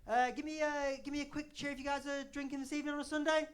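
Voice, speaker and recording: A man's voice: extremely high pitch, little pitch movement, rapid-fire, few pauses, a little hiss or hum. A man in his thirties from northern England doing a live stand-up set, bantering with the crowd in a sweary, self-deprecating way. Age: 30s. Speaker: stand-up comedian. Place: comedy club stage.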